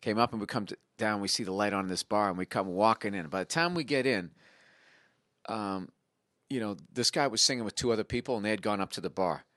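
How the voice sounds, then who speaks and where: Bright, animated storytelling man. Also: fairly low pitch, a little fast, dry recording, clean studio sound. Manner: animated, profane anecdote-telling. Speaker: guest comedian. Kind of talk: casual podcast storytelling.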